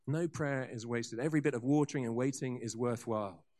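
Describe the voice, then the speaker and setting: A man preaching a sermon, telling revival stories with lively asides and frequent restarts. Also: medium pitch, a little fast. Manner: animated storyteller with asides and restarts. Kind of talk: sermon storytelling.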